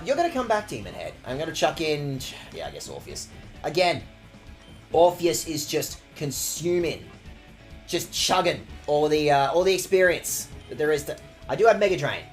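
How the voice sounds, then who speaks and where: A man's voice: on the high side, very animated, normal speed, soft background music. A man streaming a game with sweary, jokey commentary. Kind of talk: casual gaming commentary.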